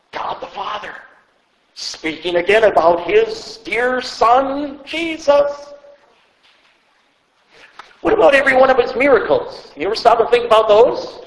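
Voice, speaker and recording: A man delivers a slow, deliberate sermon in a very high voice that rises and falls with lively swings. He speaks with emphasis and asks his listeners rhetorical questions, sometimes repeating words mid-thought. His voice echoes through a church hall with a long reverb. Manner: stumbles and repeats words when speaking off the cuff. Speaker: pastor.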